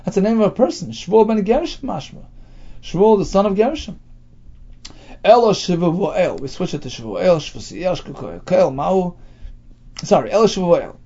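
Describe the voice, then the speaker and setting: In his daily Talmud class, this teacher reads out phrases and unpacks them in plain English, unhurried and with lively intonation. His voice is high and mellow yet gravelly, its pitch shifting a lot, and the recording sounds dull and lo-fi.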